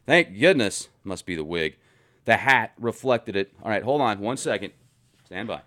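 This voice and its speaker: A man's voice: on the low side, expressive, normal speed, fairly bright tone. A man hosting a comedic vlog from his garage, reading viewer comments in a playful, sarcastic manner. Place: home garage.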